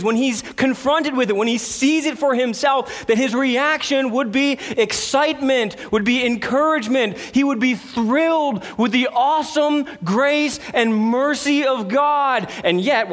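A male pastor giving an earnest expository sermon, stressing key words and sometimes dropping to a quiet voice. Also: sits high. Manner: earnest, emphatic preaching with sudden drops to quiet.

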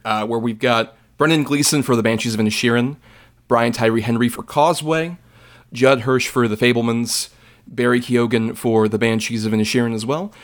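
A man hosting a podcast roundtable. He moves things along briskly, announcing each topic and passing the floor to his guests. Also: mid-range voice. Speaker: podcast host. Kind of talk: moderating a roundtable.

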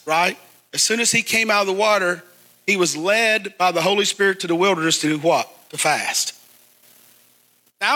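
A preacher, a man, delivers his sermon in a high, ringing voice. His tone is bright and forceful, and he draws the congregation into call and response. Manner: call-and-response preaching, asks the crowd to repeat. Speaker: pastor.

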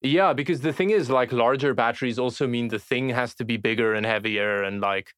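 A man's voice: mid-range voice, brisk, fairly bright tone, clean tone, dry recording, clean studio sound. Hesitant man, stammering repeats. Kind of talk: casual tech chat.

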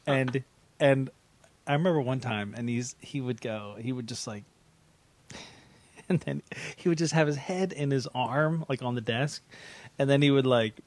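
A middle-aged man hosting a podcast, telling a school story in casual chat, animated and laughing often. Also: mid-range voice, a little slow, long pauses. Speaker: podcast host.

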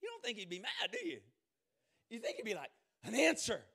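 High voiced guy preaching, loud quotes then real quiet asides. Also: huge pitch swings, brisk. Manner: dramatic, swings from shouted quotes to hushed asides. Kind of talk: sermon.

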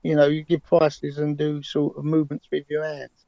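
Man in his sixties, confident, emphatic, rambling, slightly high voice, mellow tone, dull lo-fi sound. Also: monotone, moderate pace, vocal fry, dry recording. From England. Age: 60s. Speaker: interview guest, London cab driver. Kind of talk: remote interview, conversational storytelling.

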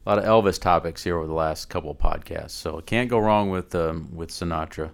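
A man's voice: low voice, fairly quick, vocal fry. A man hosting a podcast, talking casually to his guest with frequent fillers. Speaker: podcast host. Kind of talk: casual interview.

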